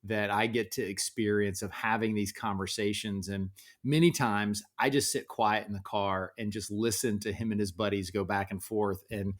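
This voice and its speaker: A man's voice: fairly low pitch, steady tone, normal speed. A man in his forties, a podcast guest, talking casually and reflectively about family life. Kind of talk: casual interview chat.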